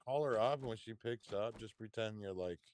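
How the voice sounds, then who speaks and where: Low-voiced man rambling over game chat. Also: a little fast, darkish tone. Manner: rambling, profane, says "like" a lot. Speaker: game player. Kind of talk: casual gaming chat.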